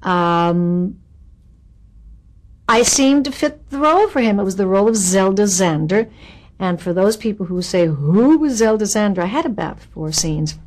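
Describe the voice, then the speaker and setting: An older woman in her seventies, telling stories from her acting days in an interview. She talks in a candid, wry way and throws in lively asides. Her voice sits at an ordinary middle pitch. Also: unhurried. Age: 70s. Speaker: actress interviewed about her career. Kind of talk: reminiscing interview.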